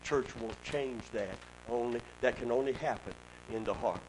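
A man preaching a sermon as pastor, emphatic, with loud rises. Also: medium pitch, moderate pace, poor audio.

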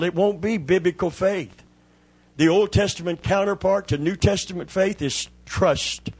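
A husky-voiced man delivering a sermon, his voice sitting a little high for a man. He preaches with rising, emphatic repetitions and calls out to the congregation for amens and hallelujahs. He sounds like a church pastor in full flow.

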